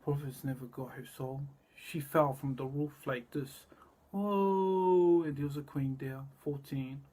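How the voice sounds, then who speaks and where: A man delivering a rambling, cryptic monologue, repeating words and drifting between low murmurs and loud bursts. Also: level tone, moderate pace, husky.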